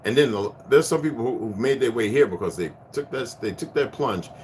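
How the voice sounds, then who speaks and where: A man in his fifties giving a rambling spiritual rant to his viewers, profane and preachy, swinging from loud bursts down to hushed tones. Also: mid-range voice, animated, a little fast, a little hiss or hum. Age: 50s. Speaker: vlogger.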